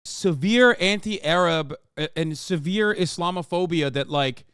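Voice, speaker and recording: A man's voice: on the high side, unhurried, a bit bright, clear, resonant tone, dry recording, studio quality. A man hosting a casual reaction stream, talking heatedly and profanely, his voice climbing when outraged. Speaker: streamer host.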